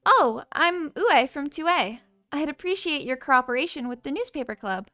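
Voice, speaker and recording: A woman's voice: sits high, lively intonation, normal speed, pushed and bright, no room sound. A woman voicing a polite, eager teenage schoolgirl reporter in a game. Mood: earnest.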